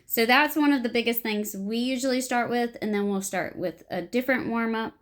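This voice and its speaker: Young female improv teacher, animated, slightly high voice, beginner lesson. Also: brisk. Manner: animated, acts out short example lines.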